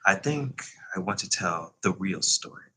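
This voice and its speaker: A man voicing a composed, centuries-old male vampire, in a measured and unhurried read-aloud manner. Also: deep voice, lively intonation, sharp tone, slightly rough, heavily acted, low-quality recording. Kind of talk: reading a novel aloud.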